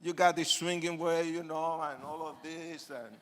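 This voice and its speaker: A man's voice: on the high side, moderate pace. An older man preaching his testimony to an audience, telling his story vividly, acting out voices and joking in asides. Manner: animated storyteller, acts out quotes, bursts into shouts; addresses the audience directly, jokes in asides.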